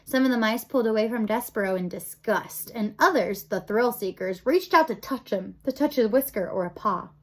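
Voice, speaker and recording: A woman reading a children's storybook aloud in an expressive, lively way. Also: a little high, normal speed, hardly any pauses. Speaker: audiobook reader. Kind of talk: storybook narration.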